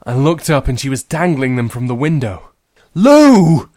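A man's voice: medium pitch, brisk, no echo, clean studio sound. A man, hosting as a librarian storyteller and reading a short story aloud with wry humour. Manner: wry, gently humorous.

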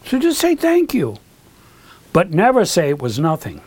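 An older man with a fairly high voice recounts stories in an interview, full of asides and restarts. He slips into other people's voices when he quotes them, which keeps his delivery lively. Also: brisk. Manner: animated, acts out quoted dialogue. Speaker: guest, recording engineer. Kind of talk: storytelling in an interview.

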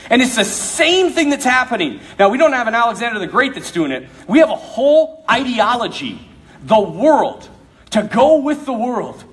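A man's voice: very high voice, very animated, normal speed. A man giving an emphatic, conversational sermon-style talk to a young audience, with humor mixed in. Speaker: speaker addressing a youth audience.

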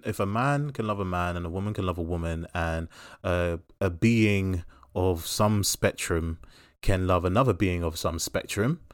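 A man's voice: lowish voice, dry recording, clean studio sound. A man casually reviewing a film in a podcast chat, rambling and thoughtful with frequent fillers.

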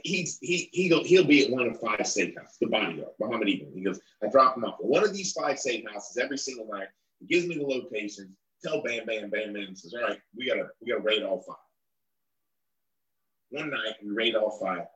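A man's voice: medium pitch, a bit bright, roomy sound, poor audio. A middle-aged man, a guest in an interview, telling a long story and acting out the people he quotes.

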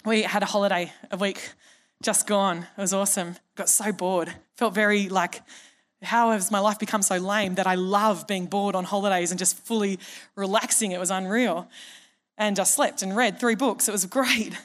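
A woman's voice: medium pitch, steady tone, normal speed. A middle-aged woman pastor, preaching a conversational, humorous sermon and acting out the people in her stories. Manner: conversational and humorous, acts out quoted voices.

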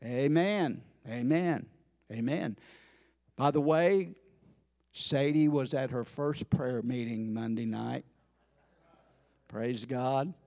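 A man preaching a sermon in a church service, folksy and full of amens, building to fervent shouts. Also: medium pitch, takes it slowly, vocal fry, pauses often, dry recording, studio quality. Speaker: pastor.

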